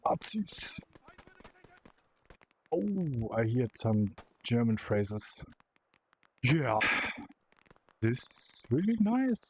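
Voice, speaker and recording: A young man giving live commentary while playing a game, excitable and swearing as he yells at the bots. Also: medium pitch, drawn-out words, pauses often, slight background noise, poor audio. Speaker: VR gameplay creator.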